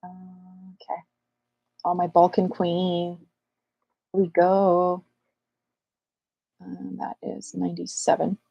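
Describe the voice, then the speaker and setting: A woman's voice: lowish voice, completely flat delivery, slow pace, creaky, pauses often, husky, no echo, muffled recording. A woman astrologer hosting a live Q&A, chatting playfully and calling out viewers' names while getting over an illness. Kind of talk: casual livestream chat.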